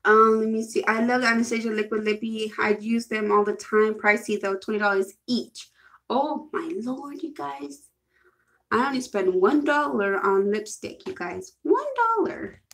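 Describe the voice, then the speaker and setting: A young woman hosting a casual livestream, chatting excitably and reading viewer comments aloud. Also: medium pitch, moderate pace. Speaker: livestream host.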